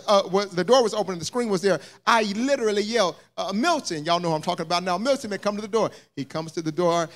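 A man preaching a sermon as pastor, telling a story that builds into fervent, rising preaching. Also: high voice. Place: church sanctuary.

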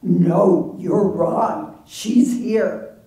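A woman reading aloud, voicing a frantic grieving mother who pleads in a breathless, shrill way, heard in a roomy hall from some distance. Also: extremely slow, mellow.

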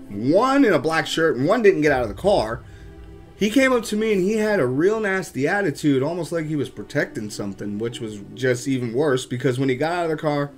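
A man with a slightly raised voice tells his story straight to camera in a loose, chatty way. He is animated and keeps turning to his viewers as "guys". Faint music sits under his talk. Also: fairly high pitch. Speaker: vlogger and urban explorer.

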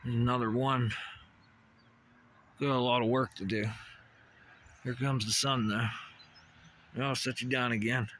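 A man's voice: mid-range voice, steady tone, takes it slowly, long pauses, fairly bright tone, slight background noise. A man vlogging on a hilltop walk, rambling and swearing casually as he chats to animals and trees, recorded outdoors on a phone. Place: outdoors on a hilltop walking path. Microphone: phone camera.

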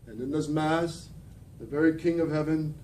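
A man preaching a fervent sermon as a priest, often dropping to a quiet, intense emphasis. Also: moderate pace. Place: church. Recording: distant mic with faint rumble.

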